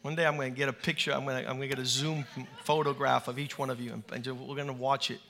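A man preaching a lively sermon in a church to a large congregation, animated and playful, leading call-and-response. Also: medium pitch, fast, gravelly.

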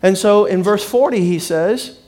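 A pastor preaching in a notably high voice for a man. He tells his stories with life and puts on the voices of the people in them, moving between quiet asides and louder punchlines. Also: unhurried. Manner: storytelling, acting out the people he quotes. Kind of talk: sermon.

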